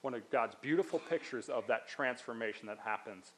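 A man's voice: mid-range voice, a little fast, a bit bright, a little hiss or hum, poor audio. A man giving a sermon as a pastor. He talks in a conversational way, explaining things step by step and dropping in casual asides.

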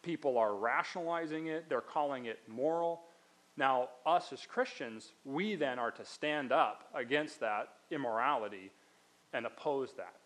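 A man preaching a sermon in an easygoing, conversational manner. He breaks his points down step by step and adds casual asides. His voice sits at an ordinary middle pitch for a man. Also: expressive, moderate pace, fairly bright tone, rough recording. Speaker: pastor.

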